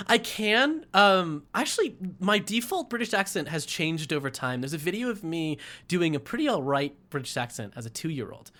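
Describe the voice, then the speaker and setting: A man's voice: on the high side, big pitch swings, normal speed, bright, forceful tone. A young man co-hosting a casual podcast chat, rambling and laughing often as he restarts his sentences. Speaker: podcast co-host.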